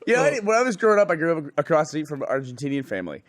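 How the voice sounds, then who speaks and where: A man's voice: on the high side, sing-song, rapid-fire, dry recording. Laughing man telling stories, dry sound. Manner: laughing, profane anecdote-telling. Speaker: podcast co-host. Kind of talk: casual chat.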